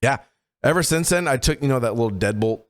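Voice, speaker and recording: Young man, casual podcast chat, swearing, lively, laughing storytelling. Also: medium pitch, fast talker. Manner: profane, animated, laughs while telling stories. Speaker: podcast co-host.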